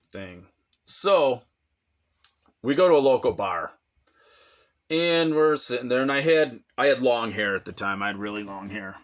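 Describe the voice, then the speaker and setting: Man, casual vlogger storyteller; mid pitch, animated delivery, jumps high when quoting others. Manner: animated, acts out quoted voices with big pitch jumps. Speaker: vlogger telling his own story.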